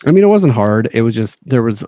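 A man's voice: medium pitch, sing-song, fast, warm tone, dry recording. A man co-hosting a casual gaming podcast, easygoing and chuckling between remarks. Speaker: podcast co-host. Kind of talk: casual podcast chat about a video game.

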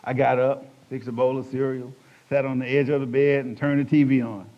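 An older man delivers a personal testimony with dramatic flair, his voice rising high and loud at the peaks and dropping low when he reflects. His pitch sits in the middle range for a man. The recording is dull and lo-fi. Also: level tone, brisk. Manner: dramatic storytelling, swings between hushed and loud. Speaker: testimony speaker. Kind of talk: emotional spoken testimony.

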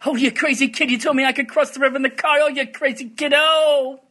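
A man doing an impression of an old-timey celebrity, with a rapid, slurred delivery. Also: very high voice, steady tone, bright, forceful tone. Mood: fussing.

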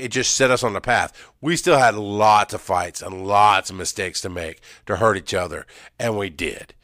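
A middle-aged man telling a raw personal story with emphatic, blunt storytelling that swings between loud bursts and low, quiet stretches. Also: animated, normal speed, dry recording, clean studio sound. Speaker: speaker sharing his experience.

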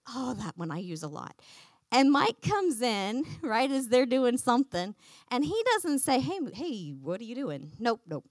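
A woman teaching a Bible lesson to a congregation, animated and acting out the quotes. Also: a little high, moderate pace, dry recording. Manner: animated, acts out quotes, laughs often.

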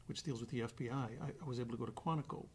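A man telling a guest anecdote in an animated way, acting out the voices of the other people with frequent restarts. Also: medium pitch, rapid-fire, creaky, a little hiss or hum. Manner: acts out quoted dialogue with restarts. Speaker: actor guest.

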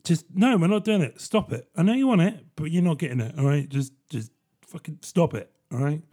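A man's voice: fairly high pitch, animated, a little fast, dark tone, husky. A man hosting a solo comedic podcast, rambling and self-deprecating, with frequent laughs. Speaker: podcast host.

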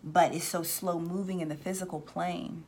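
A woman's voice: fairly low pitch, fairly even intonation, moderate pace, background noise. A woman hosting a casual spiritual talk, rambling with restarts and acting out voices she says she hears. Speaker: spiritual reader and channel host.

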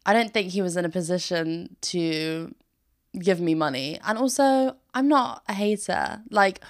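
A woman's voice: lowish voice, expressive, measured pace. A young woman hosting a podcast in casual chat, bubbly and oversharing, laughing often between her sentences. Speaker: podcast host. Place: bedroom, sitting on the floor.

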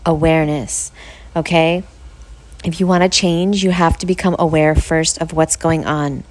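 A woman's voice: sits low, fairly even intonation, moderate pace, darkish tone, dry recording. A woman hosting a podcast in a casual chat from home, tired and upbeat, laughing often. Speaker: podcast host. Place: home living room on a couch. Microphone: podcast mic.

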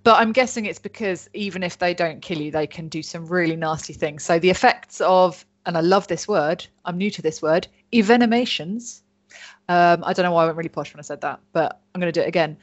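A woman's voice: on the low side, steady tone, fast talker, few pauses. A woman, casually telling a story on a chatty podcast and joking and swearing as she goes. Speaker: podcast host. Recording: dull lo-fi sound.

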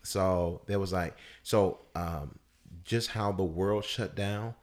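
A man in casual conversation telling a personal story, loose and full of fillers, his voice leaping high when he acts out people shouting. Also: slow. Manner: animated storyteller, voice jumps up high for quoted shouts. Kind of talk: casual chat.

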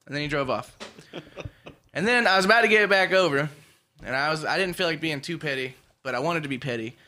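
A man's voice: a little high, fast talker. A young man telling casual, profane road stories with laughter as a podcast co-host. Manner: profane, animated storytelling with laughs. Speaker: podcast co-host, truck driver. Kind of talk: casual chat.

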